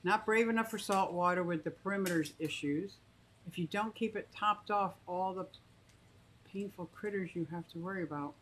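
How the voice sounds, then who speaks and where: At a moderate pace and with a slightly bright voice, this fifty-something aquarium vlogger talks through her fish tanks for the camera and live chat, often starting over and going off on tangents. Now and then she sing-songs to her pet bird in a high coo. A little hiss or hum runs through the low-quality recording.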